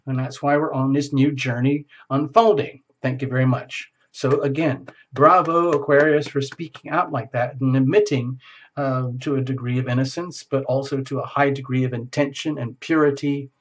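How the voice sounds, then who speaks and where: A man giving a casual tarot reading in a playful, theatrical way, acting out little scenes as he goes. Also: medium pitch. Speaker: tarot reader.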